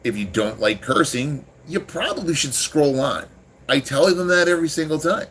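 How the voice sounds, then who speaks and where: A man's voice: on the high side, expressive, moderate pace, a bit bright, a little hiss or hum. Rambling, profane man streaming live. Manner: rambling, profane, irritated with chat. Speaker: livestream host. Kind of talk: casual livestream chat.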